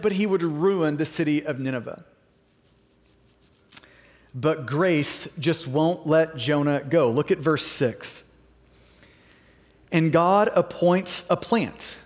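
A man preaches with lively, theatrical energy, slipping into the voices of the story's characters. His voice sits high for a man. It rings out with the long echo of a large sanctuary. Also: takes it slowly, pauses often. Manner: animated, acts out quoted voices. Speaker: pastor. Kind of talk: sermon. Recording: long reverb of a large hall.

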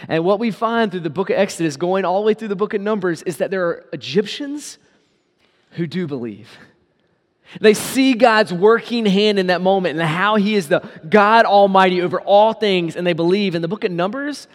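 A man preaching a sermon as a pastor, pleading and swinging from loud appeals to quiet, low asides. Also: long reverb tail.

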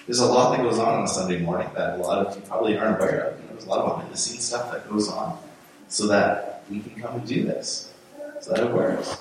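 A man's voice: fairly low pitch, steady tone, fast talker, slight background noise. A man preaching a sermon as pastor in a church, speaking conversationally with frequent restarts and repeated words. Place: church sanctuary. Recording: very echoey room, voice from far off.

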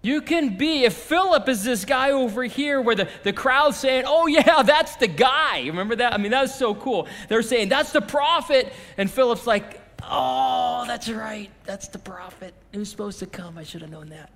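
A man preaching a sermon as pastor, swinging from impassioned shouting to a hushed closing prayer. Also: extremely high pitch, expressive, moderate pace, hardly any pauses, big-room sound. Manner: impassioned, shouting repeated phrases, then dropping to a quiet prayer.

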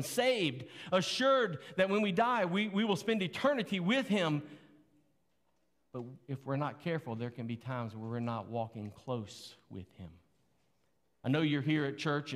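A man's voice: a little high, in a large hall. A man preaching a sermon as pastor, earnest and conversational, with rhetorical questions.

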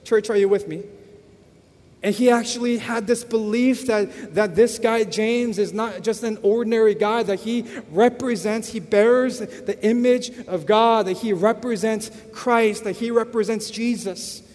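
A male pastor telling a story in a sermon, animated and often repeating words as he addresses the congregation. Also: high-pitched, unhurried. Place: church. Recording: echoey church hall.

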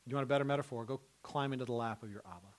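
A man preaching a sermon, talking in a conversational way with frequent "right?", who swings from loud rising outbursts to soft hushed tenderness. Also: medium pitch, very fast. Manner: conversational, repeats words and asks "right?" often. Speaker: pastor.

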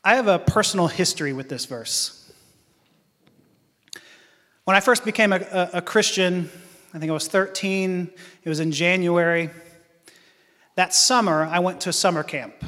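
High-voiced man preaching in a reverberant hall. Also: a bit bright. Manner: earnest storytelling with halting restarts. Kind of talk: personal testimony sermon.

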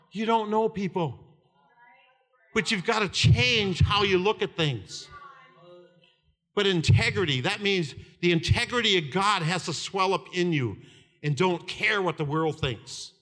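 A man in his seventies preaching a fervent sermon, telling stories with laughter and shouted lines. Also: high voice. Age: 70s. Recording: reverberant hall.

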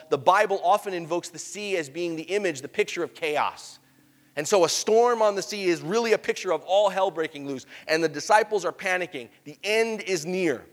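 High-voiced preacher in a reverberant hall. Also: male voice. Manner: animated storytelling, swings between hushed and emphatic. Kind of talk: sermon.

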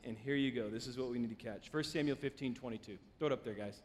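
A male pastor preaching a sermon in a church, telling stories in an animated way and acting out quotes. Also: medium pitch, fast, hardly any pauses. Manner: animated storytelling, acts out quotes. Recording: long hall reverb.

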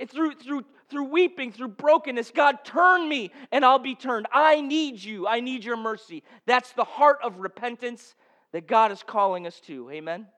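High-voiced impassioned male preacher. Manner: impassioned, building to shouts then dropping to hushed storytelling. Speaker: pastor. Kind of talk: sermon.

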